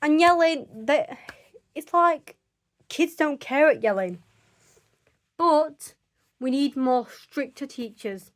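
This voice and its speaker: High-voiced woman giving her opinion. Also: slow, long pauses. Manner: emphatic and insistent, with many restarts. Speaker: vlogger. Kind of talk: opinion monologue.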